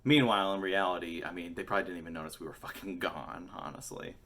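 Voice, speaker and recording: Man, 40s, very low voice, bright forceful tone, casual vlog storytelling, rambling, profane, self-mocking. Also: steady tone, fast talker. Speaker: musician and vlogger.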